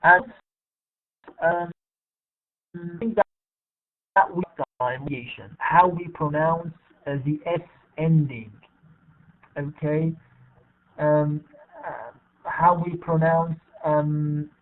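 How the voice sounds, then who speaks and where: A man teaching English in an online class, speaking haltingly with many fillers and repeated words. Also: fairly high pitch. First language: Arabic. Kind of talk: bilingual online lesson. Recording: tinny phone-like online call audio.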